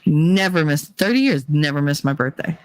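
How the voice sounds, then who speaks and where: A woman's voice: low voice, animated, brisk, dry recording. Middle-aged woman chatting on stream, swears a lot, blunt storyteller, dry close sound. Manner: candid, profane storytelling, acting out quoted people. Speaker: livestream host. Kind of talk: casual chat.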